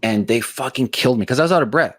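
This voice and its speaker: A man hosting a podcast, telling blunt, profane stories in a fast, hyperactive way. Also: lively intonation, fairly bright tone, dry recording. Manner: blunt, profane, high-energy storytelling; self-described hyperactive. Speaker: podcast host. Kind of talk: casual interview chat.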